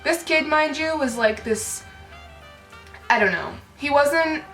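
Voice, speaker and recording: A woman's voice: high voice, lively intonation, slow, a bit bright. A woman vlogger telling an angry storytime rant, full of fillers and swearing. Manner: indignant, filler-heavy, swearing. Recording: roomy echo with faint music.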